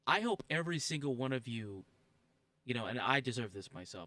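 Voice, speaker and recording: A man's voice: mid-range voice, expressive, fairly quick, sharp tone, no echo. A man streaming a game and ranting, heated, profane and emphatic.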